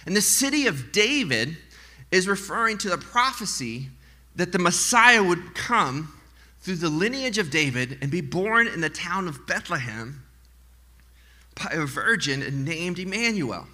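A man preaching a sermon as pastor to a congregation, animated and mixing in joking asides. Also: high-pitched, unhurried. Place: church in front of a congregation.

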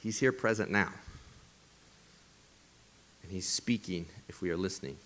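Lower-voiced male pastor preaching with hushed drops. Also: unhurried, pauses often. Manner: emphatic preaching that drops to hushed, breathy whispers for effect. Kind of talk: sermon. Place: church service streamed to viewers at home.

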